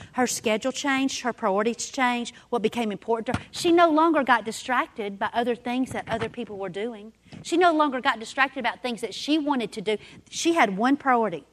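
A woman, a women's ministry speaker, giving a sermon in a meeting room and telling stories while acting out the dialogue. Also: a little high. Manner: animated storyteller, acts out dialogue. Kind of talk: sermon with personal storytelling. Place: indoor meeting room with audience.

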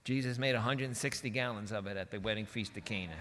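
A man delivers a sermon with a bright, forceful voice. He talks in a conversational, folksy way and slips into quick quoted voices and asides. Long reverb from a large hall trails each phrase. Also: on the low side, slight background noise. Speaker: preacher.

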